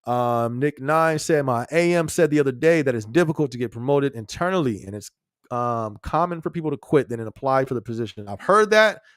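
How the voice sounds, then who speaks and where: Male podcast host, casual and slangy, mid-pitched voice, dry close recording. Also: animated, fairly quick, no room sound. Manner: laid-back, chuckles often, slangy. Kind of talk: casual live-stream chat.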